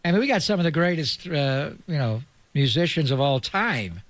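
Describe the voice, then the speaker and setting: A sports radio co-host whose voice rides a little high and swings widely in pitch. He chats casually, firing off short questions and joking asides. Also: big pitch swings, normal speed, no echo.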